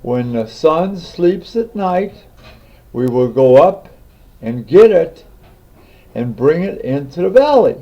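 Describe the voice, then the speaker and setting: A man's voice: a little high, big pitch swings, takes it slowly, dark tone, full character voice. A man voicing a pure white eagle that is eager to carry out a plan, in a plain storytelling voice, on a dull lo-fi recording. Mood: scheming.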